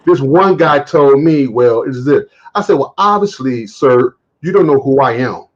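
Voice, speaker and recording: With lo-fi sound, a medium-pitched man speaks at a measured pace while hosting a live stream. He tells stories in a relaxed, lively way, acts out quotes, and swears occasionally.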